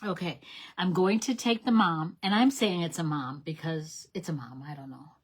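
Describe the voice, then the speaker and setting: In a fairly low voice with a breathy edge and normal speed, a middle-aged channel host demonstrates card-making. She talks to "you guys" in a chatty, enthusiastic way, explaining each stage and often revising what she just said.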